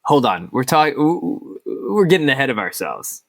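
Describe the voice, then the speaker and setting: A man's voice: medium pitch, very animated, fairly quick, fairly bright tone, no room sound. Young male co-host, earnest debater, dry close-mic sound. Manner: earnest, argues with mock statistics. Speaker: podcast co-host. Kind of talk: casual debate chat.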